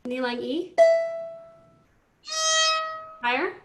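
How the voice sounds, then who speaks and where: A woman teaching an online violin class, coaching students through tuning in a brisk, directive way over a video call. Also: high-pitched, over loud music. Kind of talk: online group class instruction. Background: faint violin notes from students.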